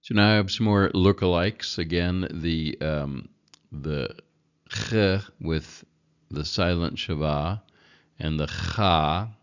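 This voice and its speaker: A man teaching a Hebrew reading lesson, slow and patient, repeating each word for learners. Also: sits low, clean tone. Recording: dull lo-fi recording.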